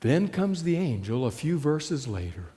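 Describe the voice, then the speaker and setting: A man delivers a sermon in a slightly raised register, taking his time with every phrase. He tells his illustrations like stories and lowers his voice to a hush at the turning points. The sound rings out with the long reverb of a large hall. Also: sing-song, measured pace. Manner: dramatic storytelling, dropping to hushed tones. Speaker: preacher.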